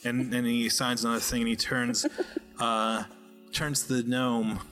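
A man narrating a tabletop role-playing game as game master, describing scenes with frequent pauses and fillers. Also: medium pitch, flat delivery, music in the background. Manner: halting narration with many fillers.

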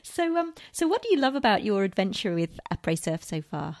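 A woman hosts a podcast interview in a casual, friendly way. She asks easy questions and is quick to praise her guest with enthusiasm. Her voice sits at an ordinary pitch and sounds dry and close. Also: big pitch swings, darkish tone, no room sound. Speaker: podcast host.

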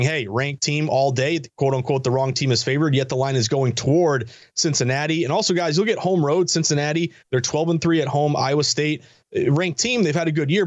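A man talking as a sports betting analyst guest in quick, energetic, chatty sports betting banter. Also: fairly high pitch, no room sound, lo-fi sound. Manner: fast, energetic, chatty delivery. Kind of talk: casual sports betting talk.

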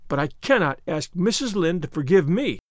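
A man's voice: on the high side, sing-song, normal speed, no echo, studio quality. A man reading an audiobook, voicing a passionate, imaginative young orphan girl who pleads and argues dramatically. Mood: defiant.

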